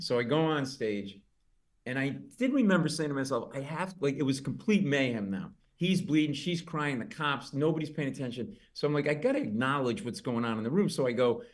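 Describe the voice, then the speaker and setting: A middle-aged man spinning a comic anecdote in a conversation. He tells it briskly and jumps into loud, high-pitched voices whenever he quotes someone. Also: lively intonation. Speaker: comedian guest. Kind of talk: storytelling in an interview.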